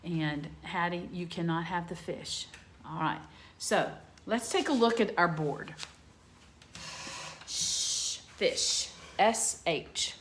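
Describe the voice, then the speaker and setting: A middle-aged woman teaching young children a phonics lesson from home into a laptop camera, sounding out letters slowly and clearly. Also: lowish voice, echoey room, a little hiss or hum. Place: home room.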